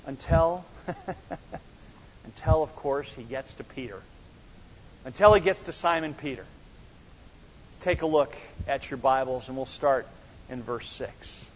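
A man preaching a sermon as pastor, animated and swinging between quiet and loud, acting out the dialogue himself. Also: mid-range voice, slow pace, long pauses, slight background noise. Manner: animated, acts out dialogue with big swings in loudness. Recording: dull sound with long church reverb.

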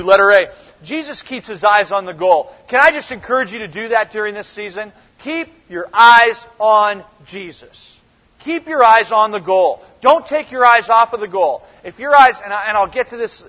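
High-voiced man preaching in a reverberant hall. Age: 30s. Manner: emphatic, conversational preaching. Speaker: pastor. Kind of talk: sermon. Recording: dull recording with long reverb in a large hall.

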